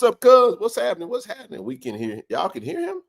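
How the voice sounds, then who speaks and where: A man's voice: a little high, wildly swooping pitch, fast talker, vocal fry, few pauses. A man hosting a live sports chat stream, joking loosely and greeting viewers by name.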